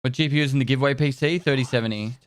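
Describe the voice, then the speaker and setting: A man's voice: mid-range voice, rapid-fire, smooth, dry recording, clean studio sound. Man rambling on a live stream. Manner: rambling, answers chat. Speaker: game streamer. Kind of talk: casual live-stream chat.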